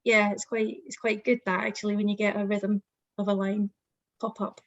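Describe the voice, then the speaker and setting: A woman's voice: mid-range voice, little pitch movement, moderate pace, no room sound, dull audio. A young adult woman poet, speaking as a guest in an online festival interview, thoughtful and a little hesitant.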